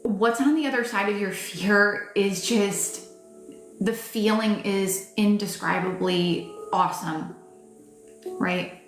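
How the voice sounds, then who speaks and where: A woman's voice: mid-range voice, slow. A woman reading tarot live, talking to her viewers in a casual, emphatic way, full of fillers and restarts and the odd swear word. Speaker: tarot reader. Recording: roomy echo with faint music behind.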